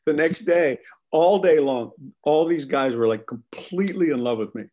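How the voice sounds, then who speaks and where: A man being interviewed, telling animated, profane stories about his acting work with plenty of laughter. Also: on the high side, normal speed. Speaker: actor guest. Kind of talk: casual anecdotal storytelling.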